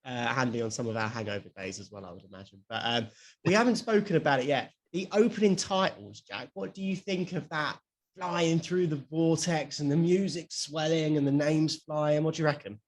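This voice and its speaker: A man's voice: fairly high pitch, expressive, a little fast. Chatty young man co-hosting a podcast. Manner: chatty, laughs often, swears casually. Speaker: podcast co-host. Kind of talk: casual chat.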